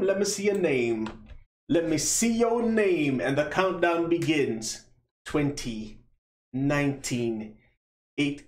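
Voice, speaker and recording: A man streaming a mobile game live, chatting casually and playfully with slang while running giveaways and drawn-out countdowns. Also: sits high, roomy sound.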